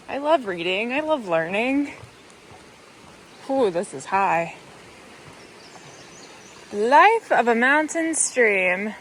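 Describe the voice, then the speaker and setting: A woman talking to her camera as she walks a rainy mountain trail, in a slightly high, chatty and upbeat voice. She laughs easily and keeps a casual tone. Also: very animated, slow, long pauses, slight background noise. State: walking on trail. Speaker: hiking vlogger. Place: outdoors on a mountain hiking trail in the rain.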